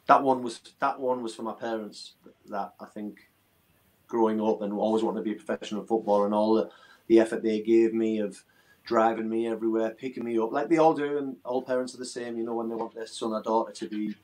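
A man's voice: medium pitch, rough recording. A middle-aged man, a former footballer telling earnest, emotional stories in a casual interview. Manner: earnest, emotional, rambling storytelling.

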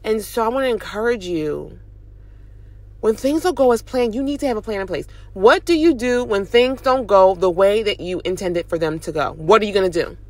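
A young woman and mom vlogger, driving while she gives an animated, chatty motivational talk. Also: medium pitch, normal speed. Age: young adult. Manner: animated, chatty, preachy encouragement. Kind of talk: casual motivational talk to camera. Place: in a car, driving.

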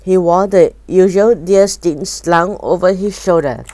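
A woman reading a children's novel aloud in calm, even narration. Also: on the low side, measured pace, dry recording. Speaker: storybook reader.

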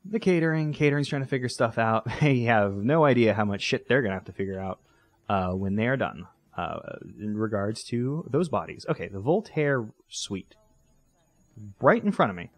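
A man narrating his gameplay in a loose, rambling way, joking and correcting himself as he goes. His pitch swings widely, lively and animated. His voice sits at an ordinary middle pitch for a man. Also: moderate pace, dry recording. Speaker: let's play host. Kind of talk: casual gameplay commentary.

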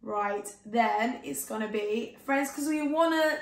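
A woman's voice: on the high side, takes it slowly, roomy sound. A woman chatting casually, bossy and playfully teasing. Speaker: sister, co-host. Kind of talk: casual chat.

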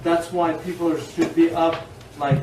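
A man with a high-pitched voice teaches a class in an informal, animated way, wandering off on tangents and laughing as he goes. He is recorded from a distance in a reverberant room, with a faint hiss behind him. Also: a little slow. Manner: animated, digressive, laughs often. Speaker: teacher of Islamic law.

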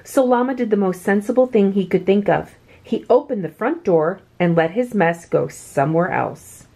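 A woman reading a children's picture book aloud with expressive, swooping delivery. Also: medium pitch, moderate pace. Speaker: children's story reader.

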